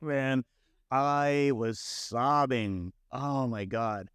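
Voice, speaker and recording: A middle-aged man, a film director guest, telling stories in casual, animated talk full of fillers and quoted thoughts. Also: medium pitch, extremely slow, smooth, no room sound, clean studio sound. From San Francisco Bay Area. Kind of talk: casual conversational storytelling.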